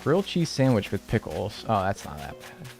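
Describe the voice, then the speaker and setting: A young man streams and chats in a loose, joking way while reacting to his viewers. His pitch swings widely as he talks. Faint music plays quietly underneath. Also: big pitch swings, normal speed, gravelly. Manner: laid-back, joking, reacting to chat. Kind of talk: casual live-stream chat.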